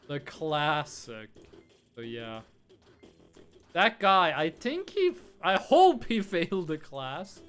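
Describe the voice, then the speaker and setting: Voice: medium pitch, big pitch swings, slow pace, soft background music. A young adult streamer, casually chatting while gaming and telling rambling, profane stories. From Norway. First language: Norwegian.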